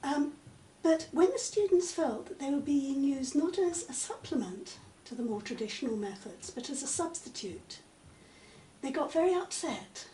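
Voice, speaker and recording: High-voiced woman, roomy distant recording. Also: lively intonation, warm tone. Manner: measured, articulate, many "um" pauses. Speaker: interviewee, literature professor. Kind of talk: conversational interview. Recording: echoey room, mic at a distance, faint noise.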